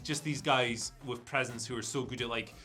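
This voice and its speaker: A man talks through the news in a loose, speculative way, leaning on fillers as he goes. His voice is bright and forward, sitting at a middle pitch, with faint music underneath. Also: moderate pace. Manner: relaxed, speculative, chatty with fillers. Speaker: co-host of a news show. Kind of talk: casual news chat.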